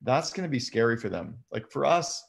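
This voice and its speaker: A man in a casual live conversation, calmly explaining daily habits step by step. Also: mid-range voice, brisk, creaky. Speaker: guest.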